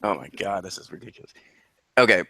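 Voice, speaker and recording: A man's voice: deep voice, lively intonation, fast talker, bright, forceful tone, no echo. Profane, laughing man hosting a podcast. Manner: profane, laughs often, mock-incredulous. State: sick. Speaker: podcast co-host. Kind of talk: casual chat.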